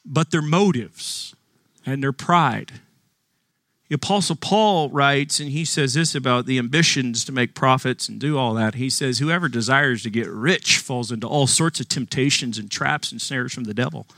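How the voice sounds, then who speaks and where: A male pastor delivers a sermon close to a dry microphone, with no room echo. He tells stories casually and with humor, slowing his pace to stress key lines, and his tone stays bright and forceful. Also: mid-range voice. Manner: conversational, storytelling with humor, slows for emphasis.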